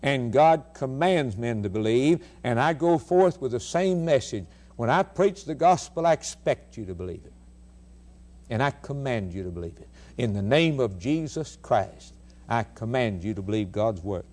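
A man's voice: medium pitch, lively intonation, moderate pace. Emphatic man preaching a sermon. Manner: emphatic, rhetorical questions, swings between loud and hushed. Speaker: radio preacher.

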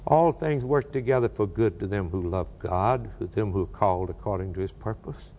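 Older preacher in a reverberant hall. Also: male voice, lowish voice, normal speed, slight background noise. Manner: dramatic swings between soft and raised delivery. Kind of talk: sermon.

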